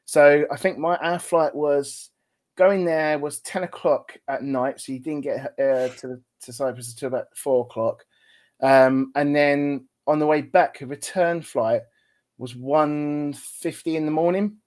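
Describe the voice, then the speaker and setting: A man talking as a guest on a podcast, relaxed and blunt with his opinions, laughing easily. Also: on the high side, measured pace. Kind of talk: casual chat.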